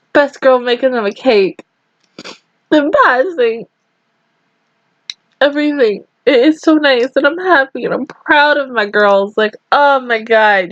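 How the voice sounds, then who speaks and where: A woman's voice: high voice, dry recording, highs cut off. A woman reacting to an anime episode on her channel, crying and swearing as she gushes about how happy she is. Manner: tearful, swearing, gushing. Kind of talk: emotional reaction commentary.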